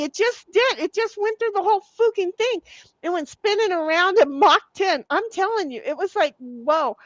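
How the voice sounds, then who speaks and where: A woman's voice: sits high, no room sound, lo-fi sound. A woman hosting a casual livestream, reading viewer comments aloud in a salty, giggly way and swearing freely. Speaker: livestream host.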